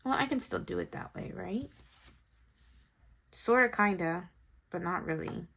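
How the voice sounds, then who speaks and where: A mother who vlogs about planners chats to viewers while decorating one, telling a family story and thinking aloud in a casual, storytelling way. Her fairly low voice is expressive, gravelly, husky and a bit bright, with a measured pace.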